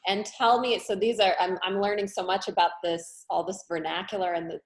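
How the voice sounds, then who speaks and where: A woman's voice: mid-range voice, steady tone, fairly quick. A woman hosting a video call webinar, asking her guests curious follow-up questions. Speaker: host, solo show coach.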